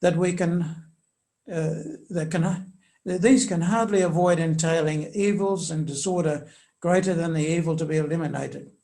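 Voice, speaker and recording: An older man speaks in a gravelly voice that sits a little high for a man. He answers questions in a measured, hesitant way, often pausing on fillers. He leans on the quoted passages when reading them aloud. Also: warm tone. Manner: reads quotations aloud with emphasis. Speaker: commentator on church social teaching.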